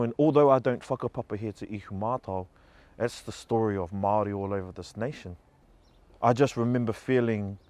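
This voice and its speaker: A man's voice: on the low side, darkish tone. A man giving an emotional personal testimony, earnest and heartfelt, growing passionate. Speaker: speaker telling a story.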